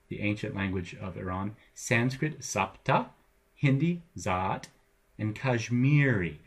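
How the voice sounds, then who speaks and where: Middle-aged man, college lecturer, husky voice, wry and playful delivery. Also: medium pitch. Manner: wry, playful teacher's tone, jokes with students. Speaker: college English professor. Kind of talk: recorded lecture narration over slides.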